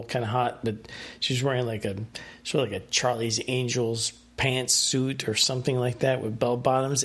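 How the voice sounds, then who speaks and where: A man tells his dreams in a loose, rambling solo talk. His pitch sits at an ordinary middle level, and he stops often to restart with "uh" and "um". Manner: rambling, many fillers and restarts. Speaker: podcast host. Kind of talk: casual solo monologue recounting dreams.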